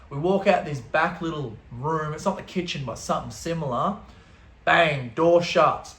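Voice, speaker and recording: A young Australian man telling a story in a casual, comedic way that is animated, crude and full of laughter. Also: fairly high pitch, moderate pace. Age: young adult. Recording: roomy echo.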